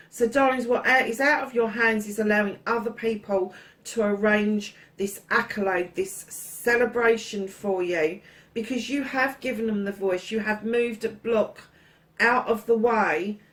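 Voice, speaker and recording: A woman reading tarot cards for her viewers in a chatty, affectionate way, calling them darlings and swearing freely. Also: medium pitch. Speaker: tarot reader. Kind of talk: casual tarot reading to camera.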